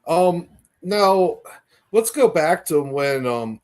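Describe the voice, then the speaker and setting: A man hosting a casual podcast interview, talking in a relaxed, frank way with casual swearing. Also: a little high, slow. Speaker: podcast host.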